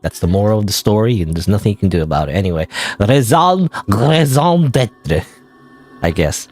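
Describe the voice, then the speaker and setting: A man's voice: fairly low pitch, lively intonation, moderate pace, a little mellow, faint music behind. Rambling man streaming a game. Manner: rambling, unsure, self-questioning. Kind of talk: casual gameplay commentary.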